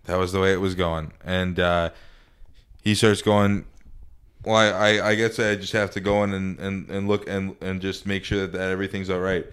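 Man, low voice, smooth tone, casual podcast storyteller, lots of ums and restarts. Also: level tone, normal speed, a bit bright. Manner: rambling, full of fillers and restarts.

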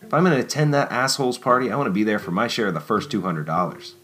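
A man voicing a weary young man, low-key and wryly joking. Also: animated, quick pace, a bit bright, faint music behind, low-quality recording.

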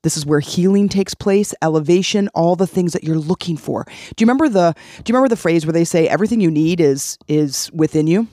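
Warm-voiced woman hosting a self-help podcast. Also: fairly low pitch, fast talker, hardly any pauses, no echo, clean studio sound. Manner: emphatic and conversational. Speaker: podcast host.

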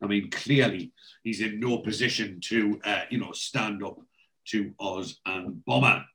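A man's voice: fairly low pitch, unhurried, bright, forceful tone, poor audio. A man casually recapping a TV episode, rambling with many fillers.

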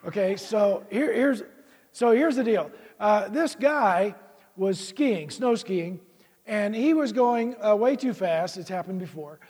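A man gives a sermon in a church, rambling and self-deprecating, with plenty of restarts. His voice sits high and sounds a bit husky. The sound carries a long hall reverb. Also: animated, slow pace, a little mellow. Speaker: guest preacher, college vice president. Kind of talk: sermon with jokes.

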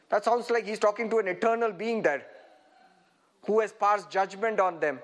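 A man preaching a sermon in an animated way, often laughing and asking his listeners rhetorical questions. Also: high voice, moderate pace.

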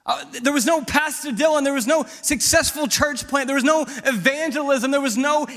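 A young man from Missouri, a pastor, giving a sermon with his testimony, moving from quiet storytelling to loud, fervent preaching. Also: extremely high pitch, brisk, big-room sound. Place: church sanctuary.

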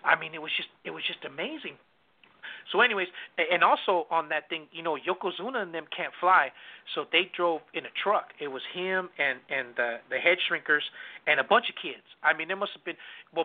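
A wrestler calls in and tells a story in a lively, laughing way, peppered with "dude" and "bro". His voice sits high for a man. The sound is thin and boxy, like a phone line. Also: brisk. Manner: animated, laughs often, says "dude" and "bro". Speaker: guest wrestler. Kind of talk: casual storytelling.

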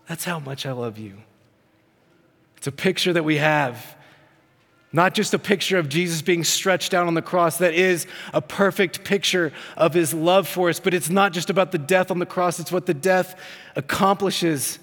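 A man's voice: a little high, moderate pace, fairly bright tone, long reverb tail. A man in his thirties, a pastor preaching a sermon in a church, earnest and building emphasis through repetition. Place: church sanctuary.

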